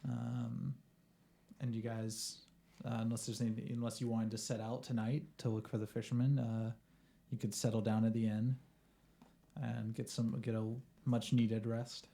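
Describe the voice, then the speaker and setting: A man acts as game master for a tabletop game, narrating in a relaxed, hesitant way full of fillers. His voice is medium-pitched and creaky, at a normal speed.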